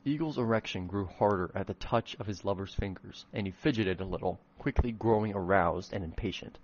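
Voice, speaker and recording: A man's voice: lowish voice, brisk, a little mellow, husky, lo-fi sound. A man reading his own old fan fiction aloud in a comedic dramatic reading, breaking off for self-mocking, swearing asides.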